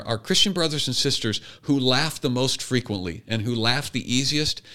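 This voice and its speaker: A man's voice: medium pitch, pushed and bright. A man co-hosting a podcast, talking earnestly in a casual chat and building his argument with restarts. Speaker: podcast co-host.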